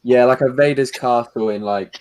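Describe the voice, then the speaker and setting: A man's voice: mid-range voice, normal speed, a little mellow, slight background noise. A man chatting in a casual online group call, agreeable and easygoing with hesitant phrasing.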